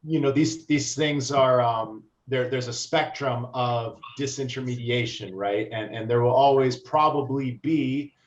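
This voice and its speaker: A man, a musician guest in an interview, answering in a measured, thoughtful way. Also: medium pitch. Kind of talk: conversational interview. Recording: echoey, dull remote audio.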